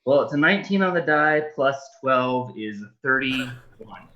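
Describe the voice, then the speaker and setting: A man's voice: mid-range voice, animated, unhurried, bright, forceful tone, highs cut off, a little hiss or hum. A man playing a tabletop game, talking hesitantly with stumbling restarts. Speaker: player. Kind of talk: casual tabletop role-play.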